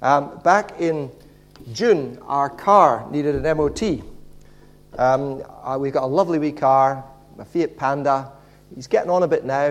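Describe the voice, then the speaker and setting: A man delivers a sermon. He often stalls and repeats his words as he works toward his point, in a voice of middling pitch. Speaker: preacher.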